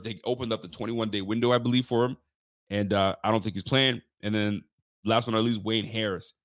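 Excitable male sports fan host. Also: fairly low pitch. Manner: excitable, emphatic, frequent restarts; chats directly to live viewers. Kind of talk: casual live sports talk.

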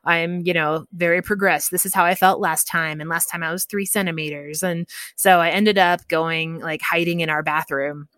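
A woman's voice: fairly low pitch, normal speed, hardly any pauses, no room sound, clean studio sound. A woman, a podcast guest, telling a personal story in casual talk, laughing often and acting out what people said. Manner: laughs often, quotes people in lively voices.

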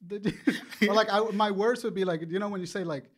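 A man's voice: high voice, quick pace. A man who learned English as a second language, co-hosting a casual podcast chat and swearing freely. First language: Spanish. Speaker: podcast co-host.

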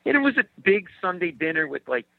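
A man spins comic anecdotes in lively casual chat, laughing as he goes. His voice sits a touch high. The sound is dry and a little muffled, like a small studio line. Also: fast, creaky, dry recording. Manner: animated joke-telling storyteller, puts on voices and laughs. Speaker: comedian guest.

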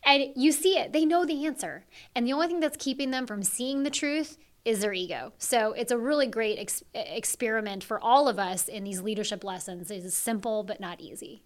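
A woman's voice: fairly high pitch, brisk, hardly any pauses. A woman executive, a guest on an interview podcast, speaking earnestly and with emphasis. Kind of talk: conversational interview.

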